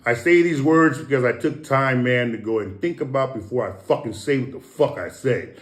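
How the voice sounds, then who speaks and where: A man's voice: mid-range voice, moderate pace. Profane, preachy man in a roomy echo. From Samoan heritage. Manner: profane, preachy, repeats and restarts words. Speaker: guest. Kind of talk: casual rambling monologue.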